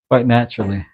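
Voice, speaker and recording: A man with a gravelly mid-range voice, a knife maker and channel host, shapes a knife in his workshop while chatting playfully to the camera through a face mask. He mumbles to himself as he works, in the style of casual workshop vlog commentary. A little hiss or hum sits under the dull, lo-fi audio.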